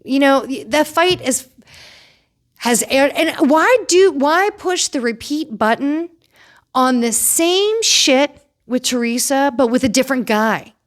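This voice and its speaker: Chatty opinionated woman, higher voice. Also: animated, slow pace. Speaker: pop culture commentator. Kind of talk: casual commentary.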